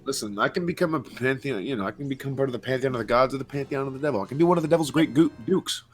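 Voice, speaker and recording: A man's voice: medium pitch, racing. A man co-hosting a game commentary, telling jokes and rambling stories stuffed with fillers. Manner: rambling joking storyteller, many fillers. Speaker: commentary co-host. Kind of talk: casual let's-play banter.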